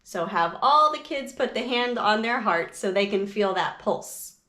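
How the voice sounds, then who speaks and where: A woman music teacher explaining a lesson for parents and teachers in a slow, clear, patient way. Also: medium pitch, expressive, bright, forceful tone, reverberant.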